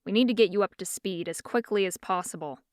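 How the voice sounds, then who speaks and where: A woman narrator voicing a condescending, stern young man who hunts demons, speaking low and curt in an audiobook. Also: fast, no echo, studio quality, close to an everyday voice. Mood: scornful. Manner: curt, scornful.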